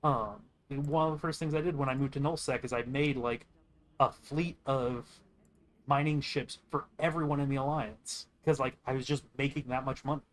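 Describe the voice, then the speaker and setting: A man's voice: mid-range voice, fairly even intonation, moderate pace, rough recording. A young man streaming games and telling a long rambling story in a casual, profane way, quoting others as he goes. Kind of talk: casual storytelling while gaming.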